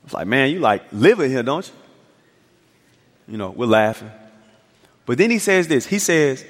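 In a church sanctuary, a male pastor preaches a sermon, telling a story with acted-out dialogue that builds to emphatic peaks. His medium-pitched voice is sing-song at normal speed, and the hall is reverberant.

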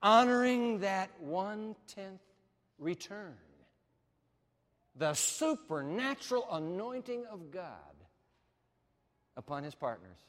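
A man preaching a sermon as pastor, animated, swinging from loud declarations to hushed asides. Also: high voice, slow, long pauses, big-room sound.

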